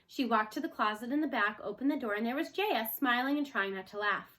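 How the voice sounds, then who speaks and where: A woman reading a children's novel aloud expressively, slowing for chapter titles. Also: fairly high pitch, fairly bright tone. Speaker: storyteller.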